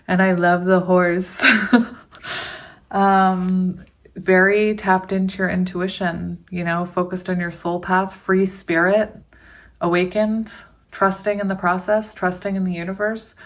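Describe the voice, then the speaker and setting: A woman reading tarot cards to her viewers in a relaxed, chatty way. She speaks slowly, lingering over her words, and often breaks into small giggles. Her voice sits at an ordinary middle pitch. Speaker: tarot reader. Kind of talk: casual tarot reading to camera.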